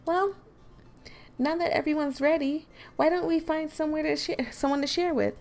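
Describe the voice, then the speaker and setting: A woman voicing a poised, upbeat teenage club president in a game, chirpy and bright. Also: sits high, normal speed, faint music behind, pitched above the performer's own voice. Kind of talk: reading game dialogue aloud.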